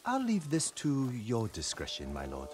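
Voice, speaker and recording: A measured village healer. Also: male voice, medium pitch, wildly swooping pitch, music in the background. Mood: instructive. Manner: instructive, measured. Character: calm, knowledgeable village healer man.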